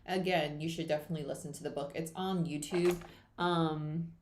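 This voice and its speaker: A woman's voice: deep voice, fairly even intonation, normal speed, a little mellow, reverberant, slight background noise. A young woman chatting casually on a livestream, rambling with lots of fillers as she talks to viewers. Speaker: tarot reader hosting a live chat. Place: home room at her computer.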